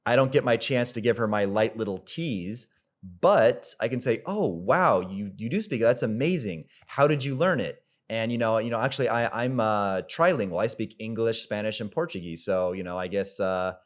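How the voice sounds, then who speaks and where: A man coaching on dating in a rambling, casual way, full of fillers and the odd swear word. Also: on the low side. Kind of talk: casual coaching monologue to camera.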